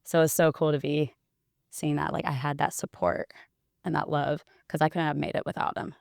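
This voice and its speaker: A woman's voice: low voice, flat delivery, moderate pace, gravelly, darkish tone, no echo, studio quality. A young woman, chatting as an interview guest and telling stories while quoting others. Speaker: interview guest, wellness bodybuilder. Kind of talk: casual interview chat.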